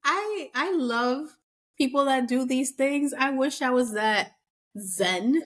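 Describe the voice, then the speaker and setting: A woman's voice: high-pitched, takes it slowly. Chatty woman recapping a reality show. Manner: chatty, acts out quotes in animated voices. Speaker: podcast co-host. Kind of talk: casual recap chat.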